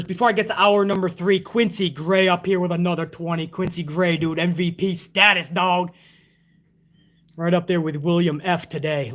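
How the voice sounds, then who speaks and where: A man's voice: high voice, a bit bright. A man reviewing a wrestling show on a live stream, ranting casually with heavy swearing and sarcasm while reading out viewer tips.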